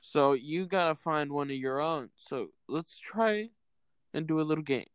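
Young male podcast co-host, smooth voice, dry close sound, crude jokester. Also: on the high side, normal speed, no echo. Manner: joking, laughs often, crude. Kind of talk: casual chat.

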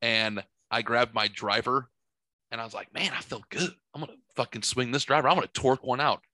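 A middle-aged man with a bright, forward voice tells a rambling story full of swearing. He talks animatedly in a casual podcast chat, and the sound is close and dry. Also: medium pitch, fairly quick, no echo. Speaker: podcast host. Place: home studio.

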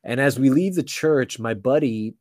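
A man's voice: medium pitch, moderate pace, a little mellow, dry recording. Brief: young male guest, casual slangy storyteller, mid-range voice, dry close sound. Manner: slangy, lots of "like" and restarts. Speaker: podcast guest.

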